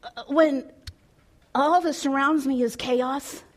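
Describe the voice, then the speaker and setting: Slow, expressive woman preaching a sermon. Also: sits high. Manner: expressive, dropping to soft and hushed. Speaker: pastor. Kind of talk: storytelling sermon.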